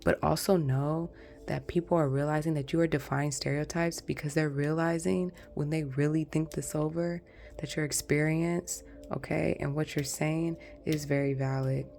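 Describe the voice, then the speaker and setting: Woman, tarot reader, low voice, rambling chat to viewers. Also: steady tone, normal speed, creaky, a little mellow, soft background music. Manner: rambling, chatty, addresses viewers as guys. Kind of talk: casual pick-a-card tarot reading.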